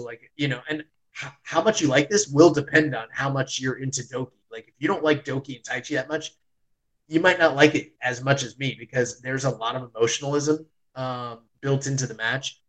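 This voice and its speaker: A man in casual chat, retelling a match as an excitable storyteller who fills his talk with "like" and swears freely. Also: medium pitch, brisk, rough recording. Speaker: podcast host reviewing wrestling.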